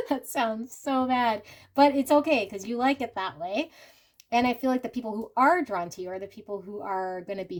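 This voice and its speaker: Female tarot reader, mid-range voice, relaxed off-the-cuff delivery full of "I feel like," reassuring toward the listener. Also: mid-range voice. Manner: chatty and unscripted, often hedging with "I feel like"; warm and reassuring, addressing the viewer directly. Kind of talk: casual pick-a-card tarot reading.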